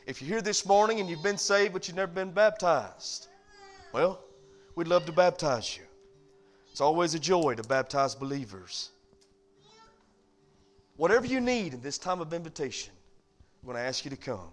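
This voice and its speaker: A man pastor preaching a sermon, animated and calling for amens. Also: fairly high pitch, normal speed, long pauses. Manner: animated preaching, calls for amen.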